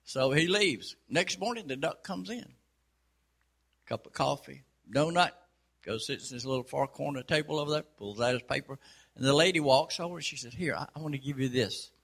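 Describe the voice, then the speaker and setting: A man telling a long folksy joke in a casual, unhurried way. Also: a little high, lively intonation, gravelly, a bit bright. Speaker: storyteller.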